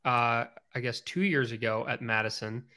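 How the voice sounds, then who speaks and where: A chatty male podcast co-host with a bright, forceful voice. He rambles through casual stories at an easy conversational pitch. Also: steady tone, normal speed, clear, resonant tone.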